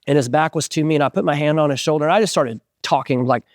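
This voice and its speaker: A man's voice: a little high, fast talker, no room sound, studio quality. A middle-aged man in a casual interview, telling a story with lots of fillers and acted-out quotes. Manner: animated storyteller, many fillers, acts out quotes. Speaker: interviewed musician.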